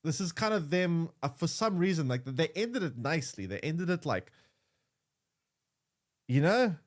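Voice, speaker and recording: A man's voice: a little high, very animated, a little slow. A young man streaming a game, chatting casually with many stammered restarts and repeated words. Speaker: gaming streamer. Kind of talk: casual gaming commentary.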